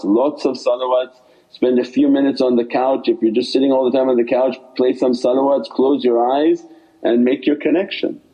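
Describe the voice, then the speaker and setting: A man's voice: medium pitch, mellow, husky, highs cut off. A man teaching in an informal sermon, with meandering speech that repeats itself and loose phrasing. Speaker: religious teacher.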